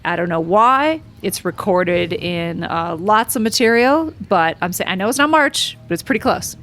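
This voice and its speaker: Podcast host, woman, casual and rambling, middle pitch, lots of ums. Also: normal speed. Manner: rambling, excitable, many fillers. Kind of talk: casual chat.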